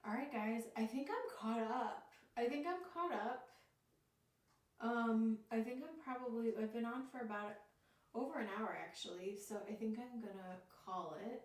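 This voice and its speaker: Woman, Northeast Ohio accent, tarot reader, fairly high voice, echoey room. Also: recorded from a distance. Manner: slow and easygoing, many fillers. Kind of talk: live-stream tarot reading. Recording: echoey room, voice away from mic.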